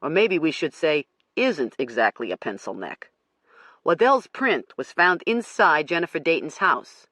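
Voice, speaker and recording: A man's voice: a little high, very animated, measured pace, sharp tone, no room sound, exaggerated voice. An audiobook reader voicing a blunt male police detective who asks short, clipped questions.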